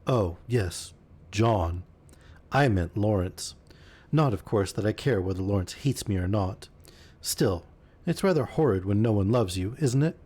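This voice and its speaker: A man's voice: on the low side, lively intonation, a little slow, dark tone, husky. A man reading aloud and voicing a lonely, wistful young woman who turns teasing.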